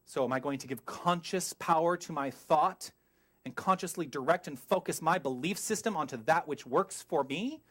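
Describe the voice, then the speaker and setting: Middle-aged male minister, lively sermon delivery, slightly higher pitch, asks the room questions. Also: normal speed. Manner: animated, emphatic, asks the congregation questions, goes off on tangents.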